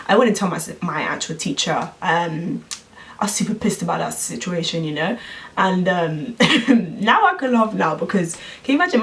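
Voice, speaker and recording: A lively woman, chatting to camera in a casual vlog and acting out the voices of people in her story. Her pitch sits in an ordinary middle range. The mic is set back from her, so she sounds a little distant. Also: normal speed. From London, England. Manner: animated, acts out quoted voices. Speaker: vlogger.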